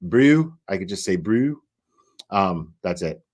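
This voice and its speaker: A man hosting a live commentary stream, talking in a halting way with many fillers and restarts as he reads viewer messages. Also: low-pitched. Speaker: livestream host.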